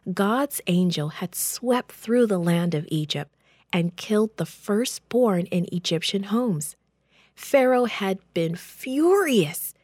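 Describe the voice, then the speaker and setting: A woman reading a children's Bible story aloud in a gentle, expressive storytelling voice. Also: mid-range voice, no room sound, clean studio sound.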